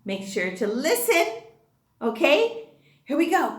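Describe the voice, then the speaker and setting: Animated sing-song woman teacher. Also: fairly high pitch, roomy sound. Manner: slow, sing-song and animated, with gasps and sound effects. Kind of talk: phonics lesson for young children.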